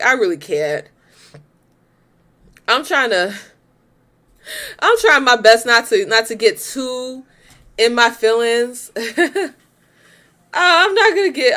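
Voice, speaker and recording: A young woman hosting a reaction video in a high, bright voice. She comments bluntly and with exasperation, swears freely and breaks into laughter. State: pregnant.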